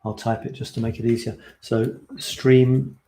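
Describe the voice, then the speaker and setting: A man's voice: lowish voice, completely flat delivery, rapid-fire, dark tone, slight background noise. A man hosting a casual photo challenge livestream, chatting in a rambling, friendly way and reading out viewer comments. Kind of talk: casual live stream chat.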